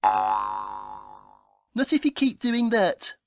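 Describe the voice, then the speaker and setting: A woman's voice: extremely low pitch, huge pitch swings, very slow, creaky, no room sound, studio quality, soft background music, exaggerated voice. A woman voicing a prim, haughty male detective in a comedy audio play, with a formal, fussy, scolding manner.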